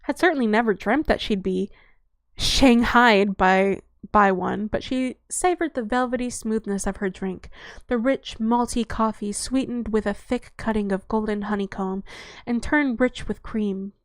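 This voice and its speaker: Brief: woman story reader, relaxed narration with crude asides; mid voice, dry mic. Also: mid-range voice, measured pace, dry recording. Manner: fluid narration with profane offhand asides. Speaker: audiobook reader. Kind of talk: reading fiction aloud.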